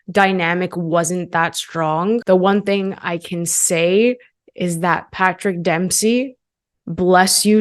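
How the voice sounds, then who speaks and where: A young woman hosting her own channel, giving a chatty and enthusiastic movie review with many casual fillers. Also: lowish voice. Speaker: film reviewer, channel host.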